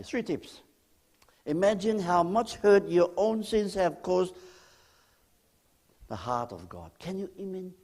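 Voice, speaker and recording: A guest pastor delivers a sermon in a lively, animated voice that sits a little high. He swings between loud, emphatic lines and near-whispers, speaking straight to the congregation and repeatedly asking them questions.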